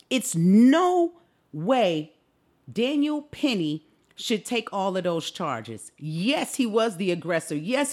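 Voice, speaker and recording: A woman hosting a solo podcast, talking in an impassioned, indignant way and asking rhetorical questions. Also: fairly high pitch. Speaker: podcast host. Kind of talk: opinionated solo podcast commentary.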